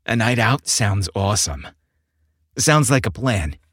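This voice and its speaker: A man's voice: fairly low pitch, big pitch swings, unhurried, a bit bright, breathy edge, no room sound, studio quality, exaggerated voice. A man voicing an easygoing muscular guy.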